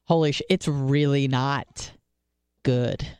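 Woman, radio co-host, casual storytelling, smooth clear voice, dry studio sound, swears a lot. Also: steady tone, takes it slowly, a little mellow, dry recording. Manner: candid and profane, lots of fillers and restarts; acts out quoted voices much higher.

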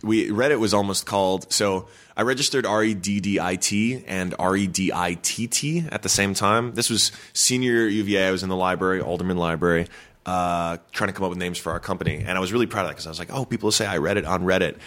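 A man chatting casually as a podcast guest, laughing often and joking quickly. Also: low voice, fairly bright tone. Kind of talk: casual chat.

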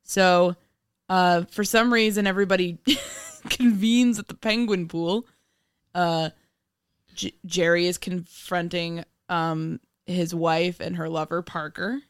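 A woman's voice: lowish voice, fairly even intonation, slow pace, clean tone, no room sound. A playful young woman talks through an old film with her co-host, breaking into laughter every few lines. She sits close to the microphone in a dry, deadened space with no room sound at all. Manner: giggly, laughs often, playful. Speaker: podcast co-host. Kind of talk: casual movie chat.

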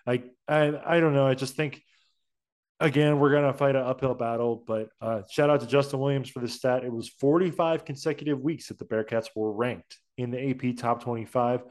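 A young man co-hosting a casual sports podcast, chatting in a rambling way that trails off quietly. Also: medium pitch, steady tone, fairly quick. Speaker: podcast co-host.

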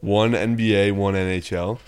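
A man's voice: on the low side, fairly even intonation, moderate pace, a little mellow, clear, resonant tone. A man co-hosting a casual sports betting talk, laid-back, laughing often and swearing casually. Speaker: podcast co-host.

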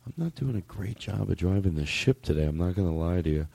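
A man's voice: sits low, animated, quick pace, gravelly, mellow, slightly rough, dry recording. A man hosting a comedy podcast, doing crude, playful, self-mocking improvised bits.

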